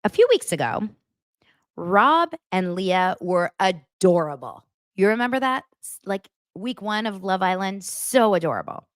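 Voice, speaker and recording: A young adult woman hosting a casual pop-culture recap show, gossipy and animated as she acts out what people said in mocking voices. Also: medium pitch, measured pace, dry recording, clean studio sound. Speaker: podcast host.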